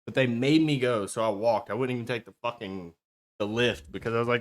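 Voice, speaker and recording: A male streamer talking casually to his chat from a home green-screen setup. He rambles and swears freely, in a mid-pitched, everyday voice. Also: brisk. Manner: profane, rambling, talks straight to chat.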